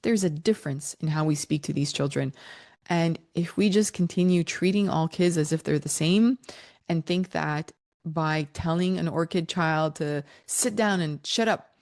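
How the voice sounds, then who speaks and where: Low-voiced woman explaining child development. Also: gravelly. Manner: warm, animated, laughs between points. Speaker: parenting educator.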